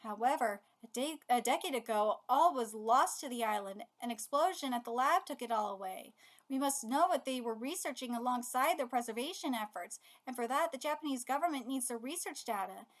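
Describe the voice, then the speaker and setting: A woman reading aloud as an official giving a formal mission briefing in a steady tone. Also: on the high side, fairly quick, natural voice.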